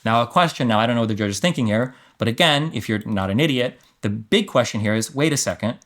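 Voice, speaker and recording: Man, streamer, casual commentary, blunt mocking asides, lively swinging pitch. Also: quick pace. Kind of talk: casual commentary reading a court transcript.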